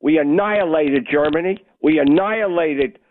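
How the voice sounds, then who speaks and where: A man's voice: fairly high pitch, normal speed. A man calling in to a radio show, blunt and insistent, cutting across the host. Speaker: caller. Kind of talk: call-in radio caller. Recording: tinny phone line with faint noise.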